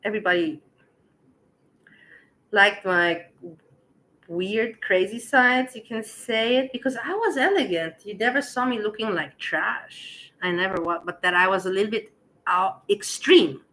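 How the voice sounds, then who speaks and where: A woman casually telling a personal story to her viewers, animated and laughing as she acts out the dialogue. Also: mid-range voice, a little slow, low-quality recording.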